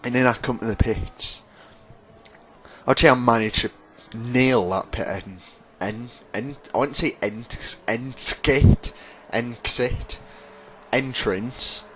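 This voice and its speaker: A man's voice: mid-range voice, takes it slowly, a bit bright. A man commentating over his own racing game, rambling, sarcastic and mocking himself. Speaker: gaming commentator.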